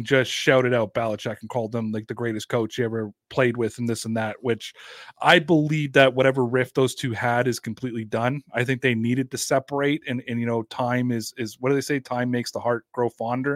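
A man hosting a casual sports podcast, talking in an energetic, rambling way with quick asides. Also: medium pitch, no echo, clean studio sound. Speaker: podcast host.

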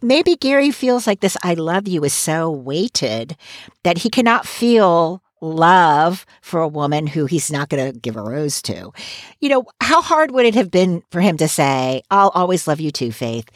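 A woman's voice: on the low side, very animated, a little slow, dry recording, studio quality. A woman co-hosting a podcast recap, talking in an opinionated, casual way and laughing between points. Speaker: podcast co-host.

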